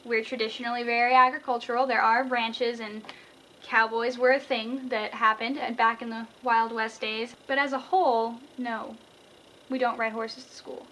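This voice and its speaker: A woman's voice: a little high, level tone, moderate pace, bright, forceful tone, a little hiss or hum, low-quality recording. A young woman from San Antonio, Texas, chatting to her camera in a casual, self-mocking vlog, recorded in a small closet. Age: young adult. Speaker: vlogger.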